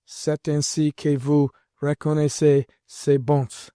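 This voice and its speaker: A man voicing a severe, cold male tutor who speaks quietly and officially. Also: fairly high pitch, flat delivery, measured pace, smooth, no room sound, studio quality, close to an everyday voice.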